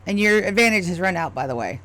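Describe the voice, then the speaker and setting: A woman running a tabletop game as game master, narrating in a measured, descriptive way. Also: on the low side, expressive, fairly bright tone.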